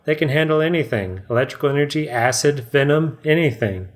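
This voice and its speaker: A man voicing a calm, knowing male archaeologist with slow, measured delivery. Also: on the high side, voice pushed up, close to an everyday voice. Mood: earnest.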